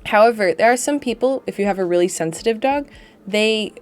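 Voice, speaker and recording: A woman's voice: mid-range voice, lively intonation, a little fast, soft background music. A woman dog agility trainer giving a chatty, self-deprecating voiceover on her training footage, laughing often as she talks from home.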